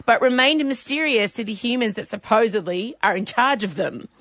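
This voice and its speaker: A woman co-hosting a radio show in casual, excitable, joking banter. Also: fairly high pitch. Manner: excitable, joking, quick to laugh. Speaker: radio host.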